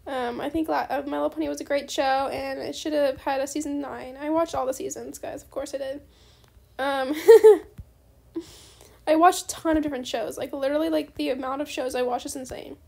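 A young woman chatting bubbly and fast while playing a game, often saying bestie. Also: high-pitched, steady tone, creaky. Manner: bubbly, fast-talking, says bestie a lot. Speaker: gaming YouTuber. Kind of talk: casual gameplay commentary.

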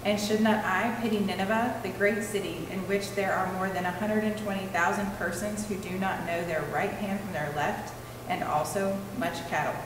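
A woman reading a scripture passage aloud in a steady, measured way. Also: medium pitch. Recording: distant mic in an echoey hall with room noise.

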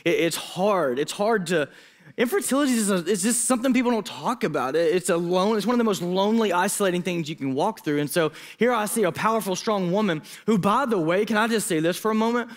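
A man in his thirties, a student pastor preaching a sermon, telling a personal story with emotion and quick asides. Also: high voice, expressive. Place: church hall.

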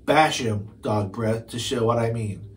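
A man's voice: medium pitch, a little slow, a little hiss or hum, lightly acted. A man voicing a bossy, bullying young Viking boy who leads the gang with menacing, sneering orders.

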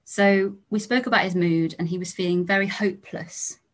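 Calm English woman telling clinical stories. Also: fairly low pitch. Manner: calm, measured, with soft trailing endings. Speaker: lecturer, GP trainee. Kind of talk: storytelling lecture.

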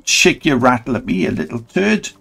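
A man's voice: medium pitch, sing-song, normal speed, gravelly, fairly bright tone, husky, soft background music. A man rambling and swearing through a let's play, mocking the game as he goes. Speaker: gaming channel host.

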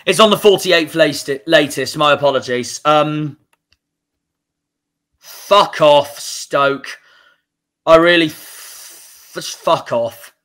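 A young man with a Cornish accent hosts a football fan livestream. He is angry, swears a lot and breaks off mid-sentence. His voice is bright and sharp, and a little high. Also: slow, pauses often. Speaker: football fan channel host. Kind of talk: emotional livestream reaction.

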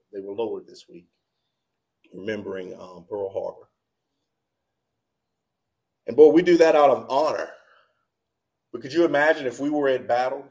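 A man preaching a sermon in a church, moving between quiet, low passages and loud, shouted appeals. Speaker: pastor. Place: church sanctuary.

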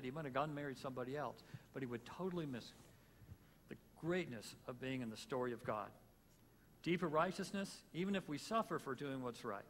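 A man's voice: medium pitch, fairly bright tone. Man, pastor, plain reflective sermon, closing prayer, long hall reverb, faint room noise. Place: church sanctuary.

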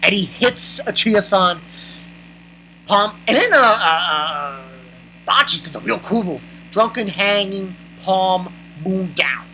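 A manga reviewer giving a casual, excited chapter recap, rambling and exclaiming with laughs. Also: mid-range voice, slow pace, a little hiss or hum, low-quality recording.

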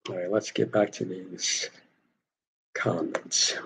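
A man's voice: lowish voice, normal speed, slight background noise, poor audio. A man hosting a casual talk show, telling an army story with quoted voices and reading viewer comments. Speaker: host.

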